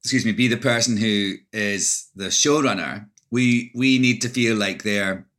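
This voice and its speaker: This is an interview with a man from Scotland who acts and writes, speaking at a measured pace in a fairly low, somewhat bright voice. His answers are reflective, marked by frequent false starts and pauses.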